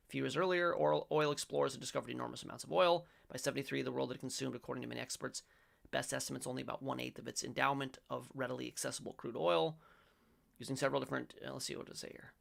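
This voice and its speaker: Hosting a faith-based commentary, a middle-aged man reads aloud and reacts casually in a deeply gravelly voice full of fry. He rambles, corrects himself mid-sentence, and erupts into loud, emphatic bursts.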